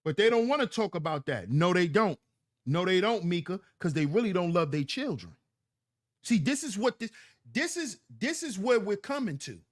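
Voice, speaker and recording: A man's voice: high-pitched, very animated, moderate pace. A man hosting a livestream, commenting on clips and reading chat in a preachy, emphatic way that repeats lines for effect. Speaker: livestream host.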